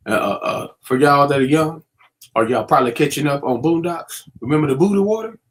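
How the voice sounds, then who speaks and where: A middle-aged man lectures young people in a casual commentary. His voice sits a little high for a man, and he leans on street slang and plenty of fillers as he warns them. The tone is preachy and streetwise. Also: fairly quick. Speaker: vlogger.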